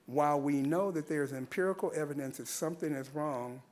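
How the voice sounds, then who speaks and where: Speaking briskly in a higher-than-average, darkish voice, a man delivers earnest public comment at a civic meeting. Standing at the podium mic, he hammers home his points through repetition and rhetorical questions.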